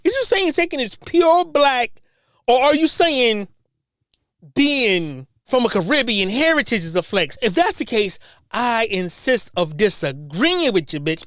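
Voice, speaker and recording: A woman's voice: sits high, dry recording, studio quality. A woman hosting a podcast, ranting with profanity and firing off mocking rhetorical questions, stammering repeated words as she builds up. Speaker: podcast host. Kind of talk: heated podcast rant.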